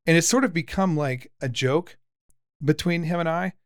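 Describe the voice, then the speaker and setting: A man in his forties hosting a casual podcast chat with his son, lively and teasing, often restarting his sentences. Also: fairly high pitch, normal speed, dry recording, clean studio sound. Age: 40s. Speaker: podcast host, father.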